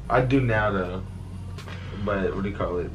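A man's voice: low voice, takes it slowly, recorded from a distance. A young man, a guest on a vlog, chatting casually and mumbling through a hesitant story. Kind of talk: casual chat. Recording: noisy background.

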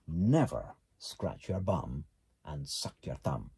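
A man's voice: rumbling low, very animated, slow, mellow, breathy edge, pitched below the performer's own voice, heavily acted. A man reading a storybook voicing a stern, matter-of-fact male dog doctor who lectures firmly. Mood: lecturing. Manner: firm, lecturing. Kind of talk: storybook character voice.

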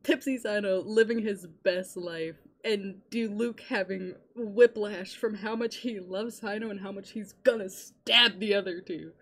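A young adult woman streaming a game in casual chatter, excitable, rambling and swearing often. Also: mid-range voice, measured pace, few pauses.

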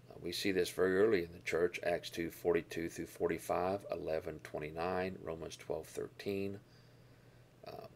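A man teaching a Bible lesson, explaining verses and Greek words with deliberate emphasis on key words. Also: sits low, vocal fry.

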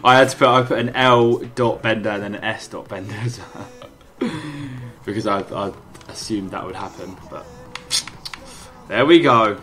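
A man's voice: on the low side, moderate pace, long pauses, fairly bright tone. A laid-back man hosting casual gaming commentary. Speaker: gaming YouTuber host.

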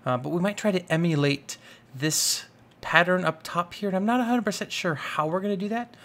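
A young man giving casual, rambling commentary over a modded block-building game, excitable and full of fillers. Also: high-pitched, a little fast. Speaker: gaming YouTuber. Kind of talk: casual Minecraft let's play commentary.

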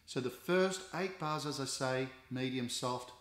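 A man's voice: mid-range voice, measured pace, fairly bright tone. A middle-aged Australian man, a guitar teacher, explaining a lesson patiently with many fillers and restarts. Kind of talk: instructional explanation. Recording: roomy echo with guitar nearby.

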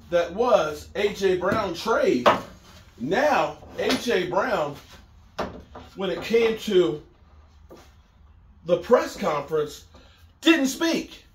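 A middle-aged man talks sports in a loose, rambling monologue, circling back and repeating phrases. His voice sits high for a man and swings widely up and down. The sound is roomy, with a noticeable echo. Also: slight background noise. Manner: animated, repetitive, conversational. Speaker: sports commentator. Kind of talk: casual sports talk monologue.

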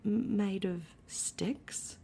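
A woman's voice: medium pitch, drawn-out words, vocal fry, warm tone, slight background noise, pitched above the performer's own voice. A woman voicing an eager, simple-minded male teddy bear who stammers, in whispered role-play. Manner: hesitant, stammering.

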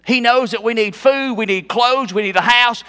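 High-voiced pastor in an echoey sanctuary. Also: male voice, normal speed, pushed and bright, clean tone. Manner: conversational, quizzes the congregation, emphatic. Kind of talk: expository sermon. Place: church sanctuary.

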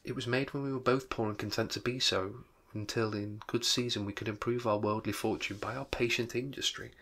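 A man reading the part of a gentle, sorrowful young woman who is ending her engagement, in a soft, hushed voice. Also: mid-range voice, fairly even intonation, fairly quick. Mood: sad, gentle. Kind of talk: dramatic reading of a novel.

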